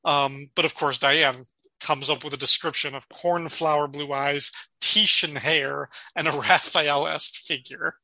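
A man's voice: fairly high pitch, steady tone, unhurried, gravelly, pushed and bright, no room sound, rough recording. A man co-hosting a casual podcast, recapping scenes with many restarts and frequent laughs. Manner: stammers and restarts, laughs often. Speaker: podcast co-host. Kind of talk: casual chat about TV.

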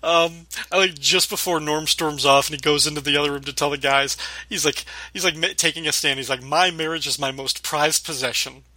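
A man's voice: fairly high pitch, steady tone, fairly quick, bright, forceful tone, no room sound. A man co-hosting a podcast, chatting casually about a sitcom episode and quoting its lines. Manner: chatty, quotes lines with light laughter. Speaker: podcast co-host.

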